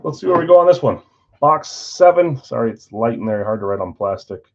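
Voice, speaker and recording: A man's voice: medium pitch, lively intonation, brisk, a little hiss or hum. A man hosting a live stream card break, chatting casually and thinking aloud as he opens packs. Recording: dull lo-fi stream audio.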